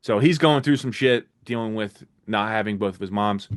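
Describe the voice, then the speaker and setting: A young man co-hosting a casual TV recap chat, talking quickly and enthusiastically and swearing freely. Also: fairly low pitch. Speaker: podcast co-host.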